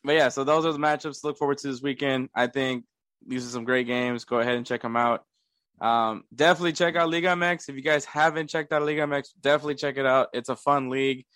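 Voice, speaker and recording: A man's voice: mid-range voice, steady tone, quick pace, fairly bright tone, no echo, studio quality. A man hosting a casual sports podcast, laughing often and poking fun at himself. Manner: laughs often, self-mocking. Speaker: podcast host.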